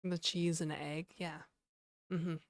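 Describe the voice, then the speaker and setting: At home in Toronto, a woman livestreams, casually chatting and reading her chat aloud with easy laughter. Her voice sits low and level, and she speaks slowly; the studio-quality recording has no echo.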